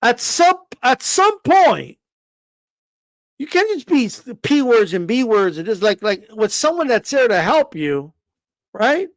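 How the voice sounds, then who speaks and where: A man with a high voice rants through casual boxing commentary, swearing freely and stumbling over repeated words. He keeps throwing rhetorical questions at his listeners. The recording is dry and close, with no room sound. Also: very animated, measured pace, no echo. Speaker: boxing commentator on a live stream.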